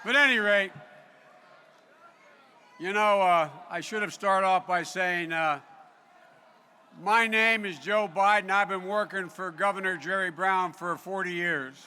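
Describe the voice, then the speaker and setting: A man's voice: sits high, unhurried, pauses often, a little hiss or hum. An older man giving a folksy convention speech, often raising his voice over an audience. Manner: loud, folksy, raises voice over applause. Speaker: political speaker. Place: large convention hall.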